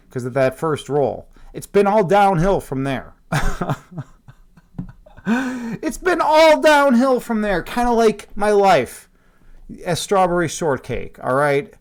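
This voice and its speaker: A man with a fairly high voice chats loosely with his viewers during a Halloween stream, rambling, joking and laughing at his own bits. He talks into a desk microphone in a home setup. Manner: rambling, jokey, self-mocking, laughs often. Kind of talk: casual chat with viewers.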